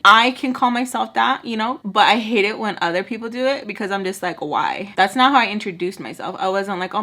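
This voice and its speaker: A woman's voice: medium pitch, bright, forceful tone. A young woman chatting casually through a storytime while doing her makeup at home, rambling through asides and slipping in Spanish words. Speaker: storytime vlogger. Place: at home, getting ready at a makeup table.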